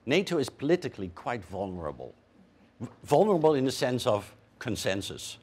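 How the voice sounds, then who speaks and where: A man speaking as a panelist, measured and hesitant with frequent fillers. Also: mid-range voice, big pitch swings, darkish tone, husky. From Canada. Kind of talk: panel discussion answer.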